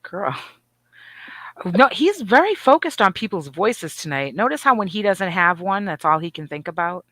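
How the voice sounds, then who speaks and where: Middle-aged woman co-host, bright voice, dry sound, lively and profane. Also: mid-range voice, normal speed, no room sound. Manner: animated, profane storytelling with voiced asides. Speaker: podcast co-host. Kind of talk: casual chat.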